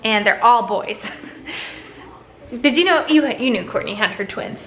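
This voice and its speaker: A woman's voice: fairly high pitch, expressive, measured pace, fairly bright tone, slight background noise, rough recording. A woman in her thirties hosting a casual family vlog, chatty and upbeat. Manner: chatty and upbeat, talks to her toddler and mother. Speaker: vlog host.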